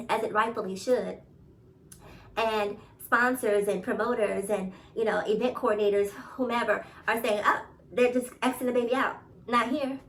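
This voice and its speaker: This New York commentary vlogger gives her opinions casually and emphatically, laughing a lot and going back over her points. Her voice is fairly high, with a slightly distant mic and slight background noise.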